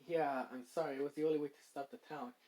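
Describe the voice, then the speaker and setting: A narrator voicing an excitable teen boy hero in a fan story read-aloud, quick to bicker. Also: mid-range voice, close to an everyday voice. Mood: sad.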